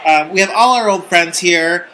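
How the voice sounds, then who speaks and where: A man's voice: high voice, normal speed, pushed and bright, a faint crowd, slight background noise, low-quality recording. A man co-hosting a comedic mock talk show and speaking hesitantly, with lots of fillers. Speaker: co-host.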